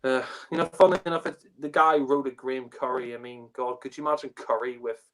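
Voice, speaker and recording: A man's voice: medium pitch, steady tone, a little fast. A man in casual podcast chat, laughing and swearing as he rambles with lots of fillers. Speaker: podcast co-host. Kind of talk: casual chat, reviewing a TV story.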